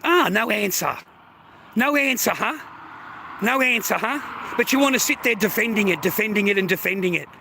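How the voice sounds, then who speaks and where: A man with an Australian accent rants at his livestream viewers, taunting them and swearing freely. His voice sits high for a man, with a gravelly edge and a sharp, bright tone. Faint noise hums in the background. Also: lively intonation, moderate pace. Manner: aggressive, taunting, heavy swearing. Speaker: livestream host. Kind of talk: profane livestream rant.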